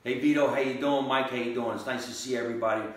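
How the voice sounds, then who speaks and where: Brief: man, comedian guest, lively and chatty, echoey room, set back from the mic. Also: medium pitch, quick pace, far from the mic. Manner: animated, greets viewers by name. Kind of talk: casual live-stream chat.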